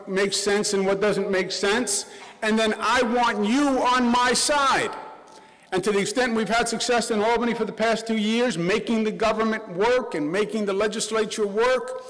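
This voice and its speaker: A man's voice: high-pitched, a bit bright. A middle-aged man with a Queens New York accent, giving a governor's speech in a loose, conversational way full of asides and restarts. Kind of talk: public policy speech. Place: large college auditorium. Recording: long reverb of a big hall.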